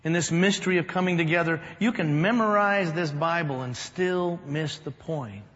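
At normal speed, a man preaching as a pastor tells a story, rising loud for emphasis and then dropping to a hush, his voice slightly high for a man. The sound from the church sanctuary is dull, with a long reverb typical of a large hall.

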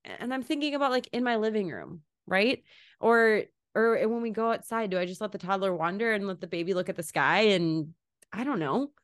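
A woman's voice: mid-range voice, lively intonation, brisk, no echo, clean studio sound. A woman, a parent, chatting casually and asking about her toddler's play, acting out family moments as she talks. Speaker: podcast host, parent. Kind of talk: casual chat.

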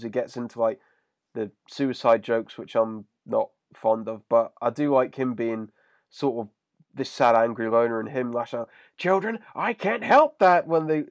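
A man co-hosting a casual chat, recapping an episode in a relaxed, filler-heavy way. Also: mid-range voice, dry recording, studio quality. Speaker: podcast co-host.

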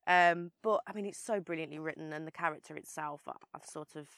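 A woman's voice: low voice, a little fast, gravelly, a bit bright, no echo. A young woman with a Birmingham accent, an actress chatting as an interview guest, with lots of fillers and restarts. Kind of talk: casual interview chat.

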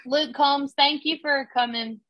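Young woman, teasing podcast host, slightly high voice, dull lo-fi sound. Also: measured pace, dry recording. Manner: lively, teasing, laughs often. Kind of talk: casual chat. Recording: dull lo-fi audio.

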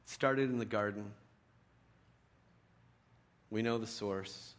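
A middle-aged man preaching a sermon in a conversational storytelling way, dropping to a hush and rising to loud emphasis. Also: fairly low pitch, slow. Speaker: pastor.

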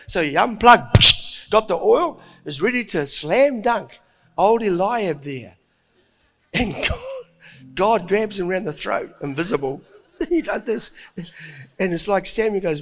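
A middle-aged man preaching a sermon, telling the story with lively acted-out voices and frequent chuckles. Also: high-pitched, measured pace. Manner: animated storytelling, acting out voices, chuckling often.

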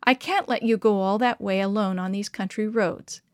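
A woman voicing a calm, kindly camp pastor who speaks gently. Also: medium pitch, moderate pace, no echo, studio quality, close to an everyday voice.

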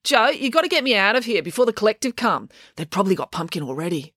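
A woman voicing a blunt, feisty young girl who talks in a high, indignant voice. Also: big pitch swings, fast talker, fairly bright tone, no echo, studio quality.

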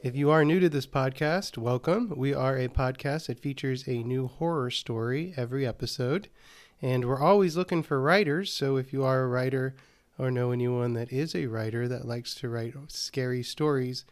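Calm man narrating a horror story. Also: mid-range voice, normal speed. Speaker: podcast host and narrator.

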